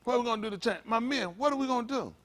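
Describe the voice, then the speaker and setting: A male pastor with an extremely high, slightly bright voice races through a fiery, street-talk sermon. He fires blunt, profane rhetorical questions at the congregation and mixes in joking asides.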